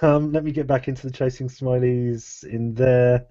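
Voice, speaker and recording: A man's voice: medium pitch, steady tone, moderate pace, warm tone, dry recording. A man hosting a live podcast, rambling casually and laughing often. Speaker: podcast host. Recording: dull lo-fi live stream audio.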